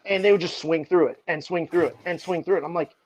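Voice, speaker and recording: A man's voice: on the high side, fast. Chatty man telling a coaching story. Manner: animated anecdotes, heavy use of "like". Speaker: baseball pitching coach. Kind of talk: casual podcast storytelling.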